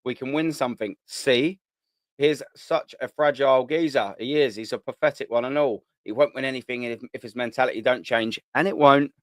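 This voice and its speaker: A man's voice: medium pitch, fairly quick, no room sound. Blunt, slangy man hosting a stream. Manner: blunt, slangy and sweary, with frequent laughs. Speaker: host of a live fan channel. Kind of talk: casual live-stream chat reading viewer comments.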